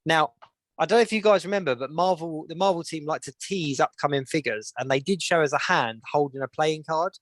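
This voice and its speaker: A man co-hosting a podcast, chatting casually and listing news with many pauses. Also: fairly high pitch, a bit bright, no room sound. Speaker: podcast co-host. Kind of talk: casual chat.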